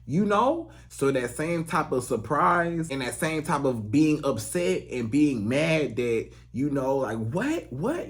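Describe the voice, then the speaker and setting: An animated man with a slightly high voice speaks as he coaches women on dating. He talks in a loose, repetitive way, filling pauses with "you know". He often jumps into squeaky, disbelieving outbursts when acting out what a man feels. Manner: animated, acts out quoted reactions with sudden high-pitched outbursts. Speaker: relationship coach. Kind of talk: advice monologue to camera.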